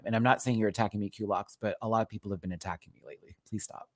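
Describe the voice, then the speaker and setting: A man's voice: fairly low pitch, racing, no room sound. Guy ranting about tv, jumps into silly voices, dry close sound. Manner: animated, breaks into mock voices and laughs. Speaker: drag race reviewer. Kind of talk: casual review rant.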